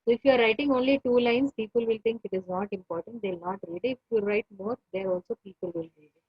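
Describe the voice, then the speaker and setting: Husky Indian-accented woman lecturing. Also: fairly high pitch, animated, no room sound, muffled recording. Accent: Indian English. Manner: repetitive, pauses with many fillers. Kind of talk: online class lecture.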